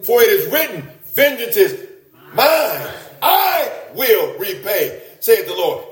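A man preaching a sermon, his voice pitched a little high. He talks in an animated way, jumping up for emphasis and doubling back on his words. The room around him rings with echo. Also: slow.

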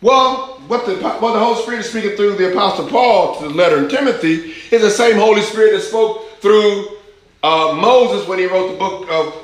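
A man preaching a sermon, emphatic, rising to high urgent questions and dropping to low intense asides. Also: normal speed, very echoey, poor audio.

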